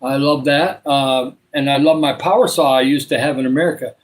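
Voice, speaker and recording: A man's voice: mid-range voice, fairly even intonation, a little fast, poor audio. An older man with a Michigan accent, chatting casually with viewers on his livestream, rambling along with lots of uhs. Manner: rambling, many filler uhs. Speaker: livestream host. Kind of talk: casual live chat with viewers.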